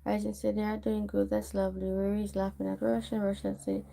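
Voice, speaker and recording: A woman's voice: medium pitch, flat delivery, fast talker, gravelly, mellow, a little hiss or hum. A woman with a Caribbean accent hosting a casual morning livestream, chatting away as she reads viewer comments aloud and answers them. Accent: Caribbean English. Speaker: livestream host.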